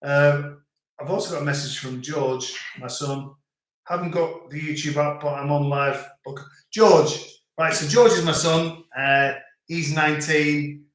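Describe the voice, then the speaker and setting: A middle-aged man from England with a Northern accent hosts a family live stream from his home in rural France, rambling chattily and repeating himself. His slightly high, steady voice is a little slow and fairly bright, and the room is very echoey.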